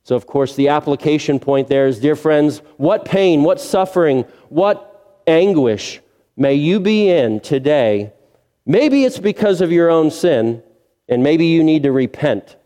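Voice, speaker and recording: A man's voice: a little high, animated, a little slow, warm tone. Preaching man in a reverberant hall. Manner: earnest preaching with rhetorical questions and repetition. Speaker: pastor. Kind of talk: sermon. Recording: long reverb of a large hall.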